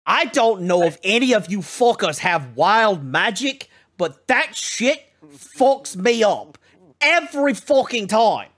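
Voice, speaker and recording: A man voicing a crude, slow-witted male combat professor who swears constantly and talks bluntly. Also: high-pitched, expressive, fairly bright tone, pitched above the performer's own voice, heavily acted. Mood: gruff.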